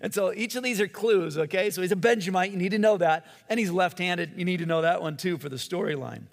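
A middle-aged man preaching a sermon in a conversational, animated way, often restarting his sentences. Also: high-pitched, quick pace, vocal fry, in a large hall. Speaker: pastor.

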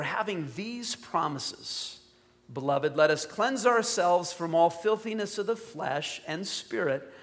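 Male pastor, high-pitched, conversational sermon delivery with forceful emphatic moments. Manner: conversational preaching with emphatic quoted commands.

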